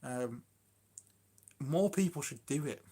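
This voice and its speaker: A man's voice: mid-range voice, animated, slow, warm tone, breathy edge. A man chatting casually on a phone live stream about his allotment, rambling and self-deprecating. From Shropshire, England.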